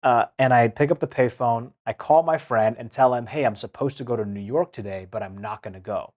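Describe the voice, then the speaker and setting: A man's voice: mid-range voice, a little fast. A man in his thirties from Seattle, telling stories from his life as a guest in an interview, acting out the quotes. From Seattle, United States. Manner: animated storytelling, acts out quotes. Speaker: guest, former Olympic speed skater. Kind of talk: storytelling in a podcast interview.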